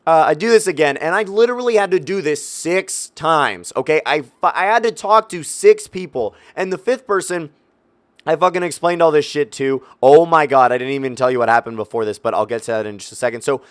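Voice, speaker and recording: A man's voice: a little high, brisk, dry recording. A young man telling a story in a casual, profane, exasperated rant, talking directly to his viewers. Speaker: YouTube gaming creator.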